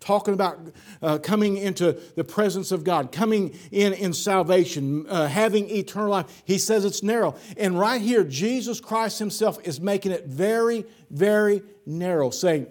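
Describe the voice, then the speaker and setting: A man's voice: normal speed, a little mellow. A man, a pastor, preaching an evening sermon with emphatic repetition that climbs in intensity. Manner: emphatic, repeats words, builds in pitch and force.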